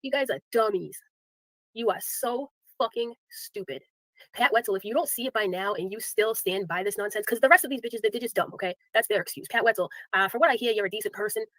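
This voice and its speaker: A woman's voice: medium pitch, quick pace, a bit bright, no room sound, low-quality recording. A woman ranting sarcastically at her viewers on a live stream, scolding and calling them out.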